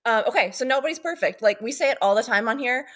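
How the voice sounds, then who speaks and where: A woman's voice: fairly high pitch, expressive, fast, a bit bright. A woman co-hosting a podcast in a loose, chatty way. She rambles into tangents and swears casually as she talks. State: pregnant. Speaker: podcast co-host. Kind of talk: casual chat.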